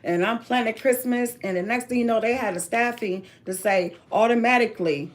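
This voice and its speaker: A woman's voice: a little high, brisk. A woman talking to viewers in a casual chat, telling a long personal story in emphatic run-on sentences.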